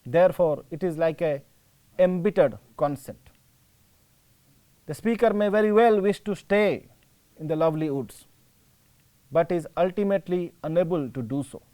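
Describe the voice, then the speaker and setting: A male teacher with an Indian English accent, giving a slow, explanatory classroom lecture and rephrasing his points. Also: on the high side, mellow.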